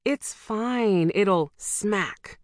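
A woman's voice: medium pitch, extremely slow, dry recording, studio quality, voice pushed up. A woman voicing a defensive, stubborn young woman protagonist in an audiobook, in a sulky, defensive manner. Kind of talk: audiobook dialogue.

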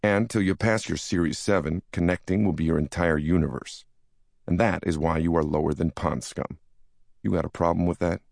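A man putting on a sneering young yuppie stockbroker in an audiobook, full of disdain and smug contempt. The voice sits very deep, with a gravelly edge, and sounds close and dry. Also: steady tone, normal speed, a little mellow, dry recording. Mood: scornful. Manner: contemptuous, smirking.

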